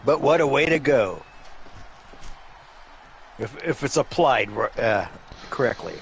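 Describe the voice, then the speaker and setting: A man's voice: mid-range voice, expressive, slow, slightly rough, lo-fi sound. Goofy punning co-commentator man. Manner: goofy, punning, wordplay banter. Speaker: color commentator. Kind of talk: casual wrestling game commentary.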